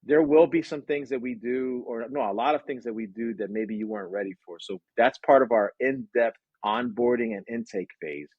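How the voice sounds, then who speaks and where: A man answering interview questions about his business, energetic and lively, acting out quotes and sound effects. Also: mid-range voice, moderate pace, creaky, hardly any pauses, breathy edge, no room sound, dull audio. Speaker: branding agency owner.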